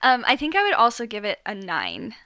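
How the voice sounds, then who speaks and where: A woman chatting casually about a horror movie on a podcast, animated and often laughing. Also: a little high, brisk, no room sound. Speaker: podcast guest. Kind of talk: casual chat.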